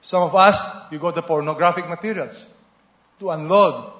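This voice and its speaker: A man preaching a sermon with lively storytelling, who asks the congregation questions and has them repeat after him. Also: a little high, moderate pace. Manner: animated preaching, call-and-response questions to the congregation. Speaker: pastor. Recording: echoey, slightly dull hall recording.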